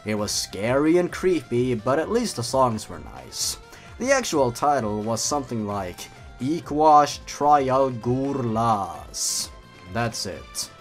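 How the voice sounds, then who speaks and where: A man narrating and mocking the stories he reads, with sarcastic, deadpan asides. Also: mid-range voice, slow pace, faint music behind. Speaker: YouTuber narrator. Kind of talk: comedic reading with commentary.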